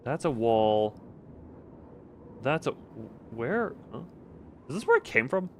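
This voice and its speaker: A male streamer talks his way through a horror game with rambling, jokey, self-mocking asides. His voice is mid-pitched, and a faint hum runs underneath. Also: very animated, slow. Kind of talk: casual gameplay commentary.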